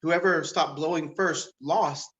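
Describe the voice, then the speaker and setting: A man doing stand-up comedy who laughs at his own jokes and rambles with lots of fillers, jumping way up in pitch when he quotes people. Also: fairly even intonation, takes it slowly, a bit bright, lo-fi sound. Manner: jumps to a much higher pitch to act out quoted people. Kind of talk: live-streamed stand-up comedy.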